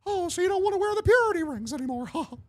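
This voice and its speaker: A man putting on a squeaky cartoon mouse voice, playing a small male cartoon character who bullies people with high, mock-sweet threats. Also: lively intonation, very fast. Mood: mock-sweet menace.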